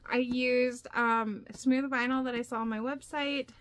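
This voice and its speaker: A young woman vlogger chatting casually as she shows her handmade bags, with lots of fillers and excitement. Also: a little high, measured pace, smooth. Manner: chatty, filler-heavy, enthusiastic. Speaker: crafting vlogger. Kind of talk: casual show-and-tell vlog.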